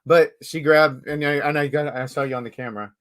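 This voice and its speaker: A man hosting a casual live-stream chat, talkative and quick to laugh. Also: on the high side, steady tone, a bit bright. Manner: chatty, laughs easily. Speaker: live show host.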